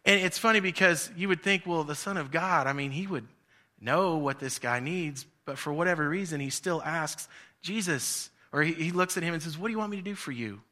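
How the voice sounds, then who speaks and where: A man's voice: on the high side, normal speed, sharp tone. A man preaching a sermon in a conversational, storytelling way, acting out the voices in his stories. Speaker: pastor.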